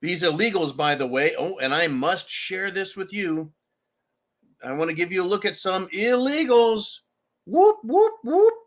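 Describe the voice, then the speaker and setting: A man hosting a livestream commentary show, talking in a loud, ranting way and laughing often. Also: high-pitched, moderate pace. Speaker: show host.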